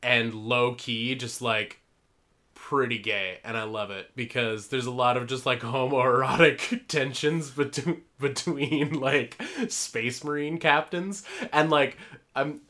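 A man's voice: medium pitch, fairly even intonation, slow pace, pushed and bright. A young man hosting a podcast, chatting casually and rambling with laughs. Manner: rambling, laughs often, fillers. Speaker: podcast host. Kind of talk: casual chat.

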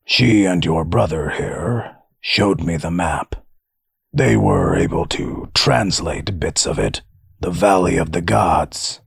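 A man doing a gruff, authoritative magistrate. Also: low voice, slow pace, no echo, studio quality, exaggerated voice. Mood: stern.

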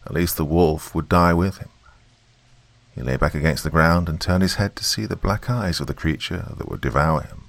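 A man giving expressive, scripted narration of a fantasy story. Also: extremely low pitch, normal speed, vocal fry, dry recording.

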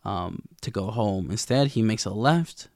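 A man's voice: on the low side, animated, a little slow, dry recording, clean studio sound. A young man recapping a TV episode in a rambling, casual way, full of slang and swearing. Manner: rambling, profane slang, lots of fillers. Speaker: TV recap vlogger.

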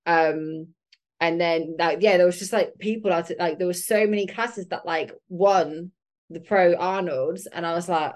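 Chatty lower-voiced woman host. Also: moderate pace. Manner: chatty, reflective, filler-heavy. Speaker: podcast host. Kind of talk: casual interview chat.

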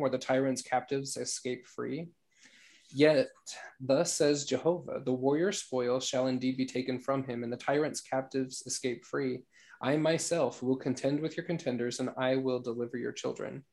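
A man leading an online scripture study group, talking in a relaxed, halting way with fillers and reading passages aloud. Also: medium pitch.

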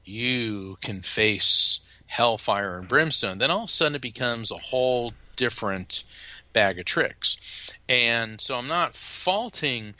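A man who is a guest in an interview, talking as a lively, emphatic storyteller. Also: mid-range voice, slow, no room sound. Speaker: psychic medium and lawyer, guest. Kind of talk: interview conversation.

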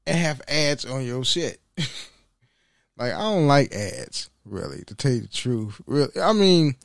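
A man's voice: mid-range voice, sing-song, unhurried, gravelly, dry recording, clean studio sound. A man hosting his own podcast, chatting casually, joking, laughing often and swearing loosely. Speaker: podcast host. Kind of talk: casual solo podcast chat.

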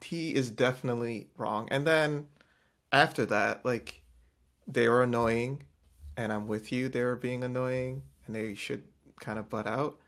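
A man's voice: medium pitch, unhurried. A man chatting casually about a reality show, rambling, restarting and acting out quotes with bursts of volume. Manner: animated, acts out quotes loudly, rambling with restarts.

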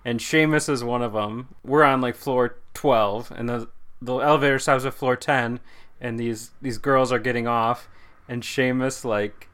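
A man's voice: medium pitch, steady tone, a little slow, a bit bright, smooth. A man co-hosting a podcast, telling rambling, jokey stories in casual chat. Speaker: podcast co-host.

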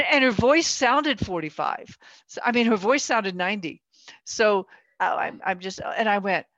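A woman's voice: medium pitch, normal speed, a bit bright, dry recording. A woman in her sixties in casual conversation, telling stories chattily, acting out quotes and laughing often. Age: 60s. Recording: dull dry lo-fi sound.

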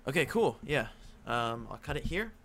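A man's voice: medium pitch, very animated, moderate pace, a bit bright, a little hiss or hum. A young man hosting a podcast who keeps the talk moving with short reactions and frequent laughs. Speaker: podcast host running the segment. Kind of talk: casual chat.

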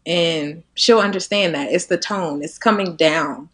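A woman in her twenties talking reflectively as a podcast guest, laughing often and trailing softer at the ends of her thoughts. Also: on the low side, moderate pace. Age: 20s. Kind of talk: casual conversation.

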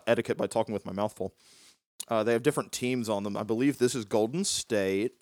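A man's voice: lowish voice, brisk, a little mellow, no room sound. A man co-hosting a podcast in casual chat, rambling and joking with frequent restarts. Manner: rambling, jokey, restarts often. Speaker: podcast co-host.

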